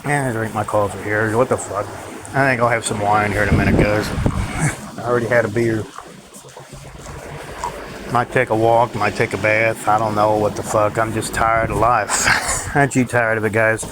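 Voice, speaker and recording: A man's voice: on the low side, level tone, normal speed, pauses often, background noise. A man in a bitter, cursing rant to his viewers, laughing between complaints. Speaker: vlogger. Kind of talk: ranting monologue to viewers.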